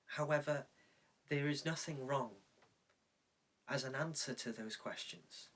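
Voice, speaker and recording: A man preaching a reflective sermon, telling a story with measured pauses. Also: medium pitch, a bit bright, recorded from a distance. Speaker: pastor. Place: indoors, recorded for online church.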